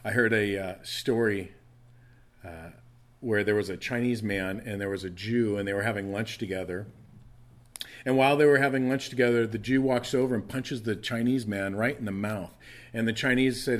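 A man's voice: medium pitch, fairly even intonation, brisk. A middle-aged male pastor preaching a sermon in a conversational way, often restarting his phrases.

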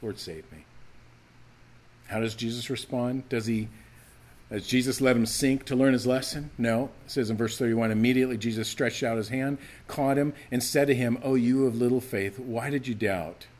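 A man preaching a sermon to his church, animated and emphatic, acting out the scripture's voices as he teaches. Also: medium pitch, moderate pace. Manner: animated, acts out quoted lines, rising to emphatic calls. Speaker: pastor.

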